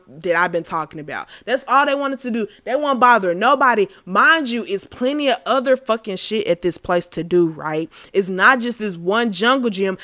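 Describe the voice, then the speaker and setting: A woman's voice: fairly high pitch, bright, forceful tone. Heated, profane woman telling a story. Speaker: storyteller recounting a personal incident. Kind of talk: casual storytime rant.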